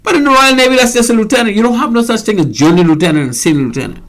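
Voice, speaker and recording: A man's voice: high voice, racing, a bit bright. An older man with a Bahamian accent hosting a radio talk show, speaking emphatically and often repeating words as he gathers his thoughts. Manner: emphatic, repeats words while searching, indignant.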